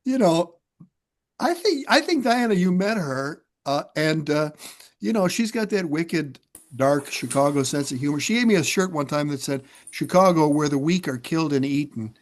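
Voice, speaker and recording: A man's voice: on the high side, lively intonation, moderate pace. A man hosting a poetry workshop on a video call, chatting in a rambling, chuckling way. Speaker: workshop host. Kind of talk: casual video call chat.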